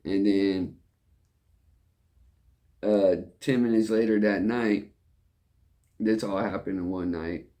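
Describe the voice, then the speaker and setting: A man's voice: fairly low pitch, fairly even intonation, takes it slowly, long pauses, dark tone. A young man who works in a restaurant, telling a rambling, repetitive story in casual talk. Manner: rambling, repeats "and all that stuff".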